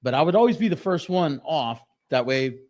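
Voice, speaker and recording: A man co-hosting a podcast, telling stories in casual chat with lots of swearing and halting restarts. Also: fairly high pitch. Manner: animated, profane storytelling with halting restarts. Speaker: podcast co-host.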